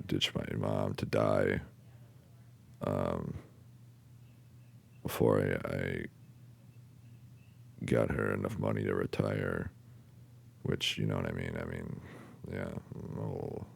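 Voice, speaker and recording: A man hosting a podcast, telling a personal story in a halting way, with many pauses and fillers, casual swearing, and sentences that trail off quietly. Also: very deep voice, fairly even intonation, creaky, slightly rough. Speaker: podcast host.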